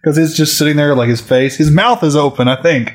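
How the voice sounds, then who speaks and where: A man's voice: fairly high pitch, brisk. A man in casual chat who swears a lot and acts out scenes while retelling a movie plot.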